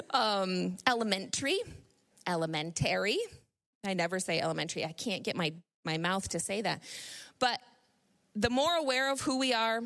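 Chatty woman preacher with gravelly fry. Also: medium pitch, unhurried, long pauses, fairly bright tone. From Northern New York. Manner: chatty, laughs often, many restarts. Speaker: speaker at a church gathering. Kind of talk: informal sermon with personal stories.

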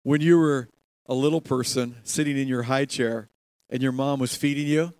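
A man preaching a sermon in a church, animated, laughing often and acting out quoted voices. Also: mid-range voice, moderate pace, clean tone, no room sound. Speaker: pastor.

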